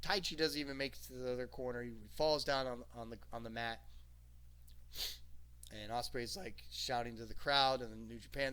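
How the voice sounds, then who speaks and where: Male reviewer, casual and rambling, bright voice, mid pitch. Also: moderate pace, clear, resonant tone. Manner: excited, rambling, lots of "okay?". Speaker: wrestling show reviewer. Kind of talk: casual recap commentary.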